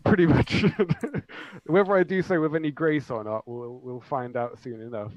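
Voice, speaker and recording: Tabletop game player, mid-pitched, hesitant, thinking out loud. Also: fairly even intonation, normal speed, lo-fi sound. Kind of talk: casual chat at a gaming table.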